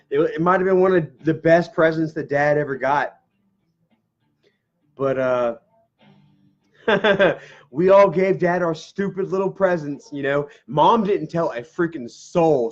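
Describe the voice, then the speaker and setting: A middle-aged man, telling a family story straight to camera at home, rambling, swearing casually and laughing through tears. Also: on the high side. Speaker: vlogger. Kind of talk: emotional personal storytelling to camera. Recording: dull lo-fi camera audio.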